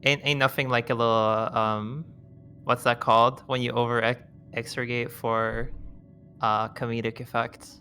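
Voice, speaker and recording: A young man reads a visual novel aloud on a live stream, his voice bright and forward. He talks casually, joking and stumbling over words, with faint music underneath. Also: mid-range voice, little pitch movement, moderate pace. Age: 20s. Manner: casual, joking, frequent restarts and laughs.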